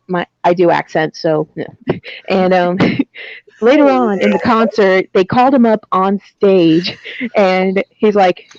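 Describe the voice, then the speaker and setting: A person telling a concert story in a casual online chat, excited and often giggling. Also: mid-range voice, measured pace, dry recording, dull audio.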